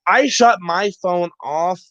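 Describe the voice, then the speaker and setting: A man's voice: high-pitched, slow, a bit bright, no echo. A man co-hosting a casual livestream chat, rambling and joking with lots of swearing. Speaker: co-host. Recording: dull lo-fi stream audio.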